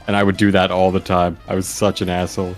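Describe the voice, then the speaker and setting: A man with a fairly low voice rambles through crude, offhand stories during a casual stream. His talk is loose and full of "like" and false starts. Faint music sits underneath. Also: completely flat delivery, fast. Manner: loose, crude anecdotes with many fillers. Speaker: guest gaming YouTuber.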